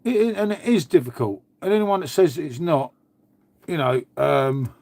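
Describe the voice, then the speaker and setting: A man's voice: on the high side, expressive, normal speed, gravelly, darkish tone, dry recording. A man chatting casually on a live stream, swearing freely and calling everyone "mate". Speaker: livestream host. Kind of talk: casual live chat with viewers.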